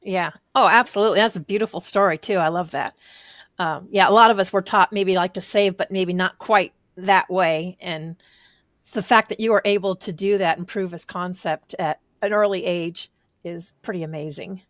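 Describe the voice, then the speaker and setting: A woman's voice: on the low side, moderate pace, fairly bright tone, dry recording. Woman hosting a podcast, dry sound. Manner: affirming, asks open questions. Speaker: podcast host. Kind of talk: conversational interview.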